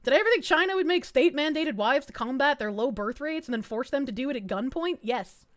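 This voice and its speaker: Woman, young adult, streamer, crude jokes, frequent laughter, high pitch, very animated. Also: fast. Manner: crude, excitable, laughs often. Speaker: VTuber streamer. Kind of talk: casual reaction stream commentary.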